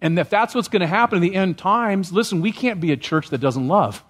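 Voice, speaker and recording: A man's voice: sits high, lively intonation, a little fast, a bit bright. A man preaching a sermon as pastor, often checking in with the congregation with questions. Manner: asks the congregation questions, rising when stirred.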